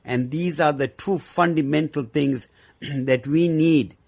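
Earnest man talking education, measured. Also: fairly high pitch, gravelly, darkish tone. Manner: earnest, measured, frequent "uh" pauses. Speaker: guest educator. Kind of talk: discussion on education.

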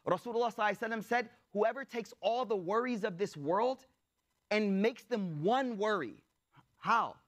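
A young man with a high voice preaches by telling a story. He talks in loose, everyday slang and slips into the voices of the people in his tale. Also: moderate pace, fairly bright tone. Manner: casual slangy delivery, acts out quoted speakers. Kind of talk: storytelling sermon.

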